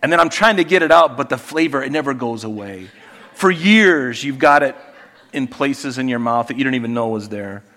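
A man's voice: mid-range voice, expressive, moderate pace, pushed and bright. A middle-aged man preaching a sermon in a conversational way, asking rhetorical questions and restarting his sentences. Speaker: pastor.

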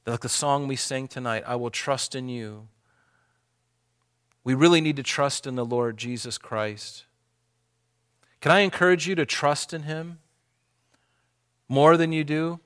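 A man preaching a sermon in an earnest, conversational way, slowing and lifting his voice when reading scripture aloud. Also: mid-range voice, a bit bright, smooth. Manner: conversational asides to the congregation. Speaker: pastor.

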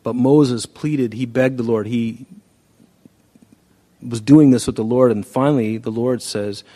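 A man preaching a sermon in an easy, conversational way. His voice sits at an ordinary middle pitch. He talks plainly to the congregation and sometimes slips into the voices of people in a story. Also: unhurried, mellow. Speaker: pastor.

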